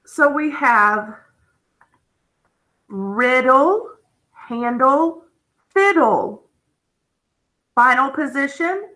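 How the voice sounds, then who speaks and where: A woman's voice: high voice, expressive, sharp tone, poor audio. A woman teaching a phonics lesson, patient and explaining step by step, checking in with the class often. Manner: slow, patient, checks in with "okay?".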